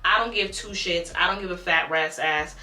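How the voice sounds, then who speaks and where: A young woman telling a storytime on her vlog, animated and blunt, swearing freely. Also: on the low side, normal speed, roomy sound.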